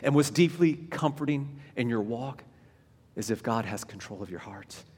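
A man's voice: mid-range voice, lively intonation, normal speed, darkish tone, breathy edge. A man preaching a sermon in a conversational, storytelling way, sometimes dropping almost to a whisper. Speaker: pastor. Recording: long hall reverb.

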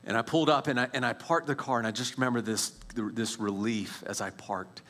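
In a brisk, mid-range voice, a man in his forties shares his faith testimony as a story. He's animated, with frequent restarts and hushed passages at the tense points.

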